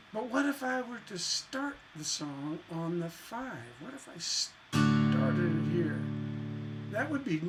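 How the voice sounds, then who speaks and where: A man teaching songwriting in a relaxed, chatty way, playing guitar and humming bits of melody as he explains. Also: high voice. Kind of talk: casual music lesson with guitar. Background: acoustic guitar.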